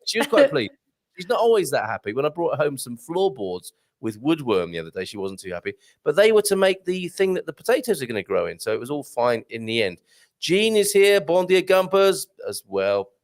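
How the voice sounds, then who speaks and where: A man's voice: a little high, very animated, a little fast. A man hosting a casual live-stream chat show, joking and reading out viewer comments. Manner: chatty, jokey, reads out viewer comments. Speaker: host.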